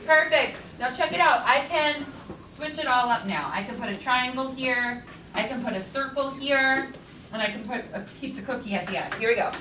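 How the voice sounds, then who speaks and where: A woman leading a classroom lesson, chanting steady beats and syllables with energy. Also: sits high, moderate pace, a crowd in the background. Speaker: teaching artist. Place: school classroom. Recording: echoey classroom, far from the mic, noisy.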